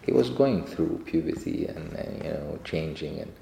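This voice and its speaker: A man's voice: extremely low pitch, animated, moderate pace, creaky, dark tone. A man answering questions after a sermon, telling rambling stories with laughter, recorded in an echoey hall. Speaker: church speaker.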